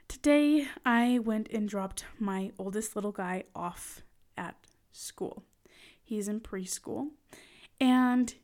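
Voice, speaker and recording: A woman in her thirties hosting a motivational podcast as a life coach, talking in an affectionate, encouraging way with soft laughs. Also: on the high side.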